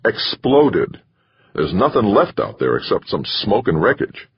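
A man's voice: fairly low pitch, big pitch swings, measured pace, slightly rough, highs cut off, voice pushed up, heavily acted. A man voicing a blunt, short-tempered male astronaut who talks in curt, snapping lines. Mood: gruff.

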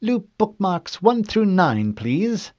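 A man's voice: high voice, big pitch swings, slow, darkish tone, pitched above the performer's own voice, exaggerated voice. A man doing a stern female officer. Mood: probing. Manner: clipped, precise, questioning. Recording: dull dry studio read.

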